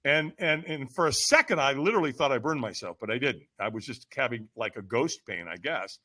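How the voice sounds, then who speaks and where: Man, podcast guest, emphatic storyteller, bright forceful tone, very lively pitch. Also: brisk. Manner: lively, emphatic, acts out quotes with sudden shouts. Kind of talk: animated storytelling in conversation.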